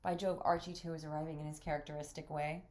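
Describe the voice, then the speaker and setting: A woman reading the lines of a genteel, teasing gentleman in a play. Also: sits low, level tone, fast talker, lightly acted. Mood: courteous.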